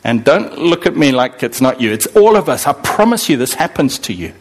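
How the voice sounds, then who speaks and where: A man's voice: medium pitch, fairly quick. A man preaching a sermon to a congregation, asking them questions and answering them himself, and acting out the voices of worried believers. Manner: animated, acts out voices of believers and God. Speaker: pastor.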